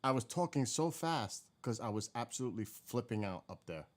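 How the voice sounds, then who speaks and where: A man's voice: medium pitch, lively intonation, a little fast, heavy background noise. A man hosting a live stream, chatting casually and candidly as he reacts to old clips. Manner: rambling, candid, swears now and then.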